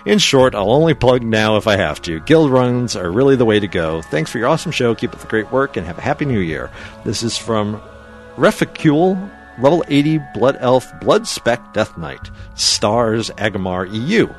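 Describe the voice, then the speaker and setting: A man's voice: mid-range voice, sing-song, moderate pace, faint music behind. A man co-hosting a casual gaming podcast, reading listener emails aloud and teasing his co-host with laughing banter.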